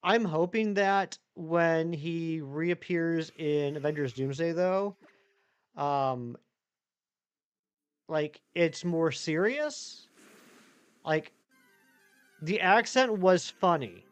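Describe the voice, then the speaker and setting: A man chatting on a live stream. His voice sits a bit high and sounds smooth and clear. He rambles and answers viewers one by one. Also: very slow, pauses often. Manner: rambling, chatty, reads chat aloud and answers it. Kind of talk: casual live-stream chat.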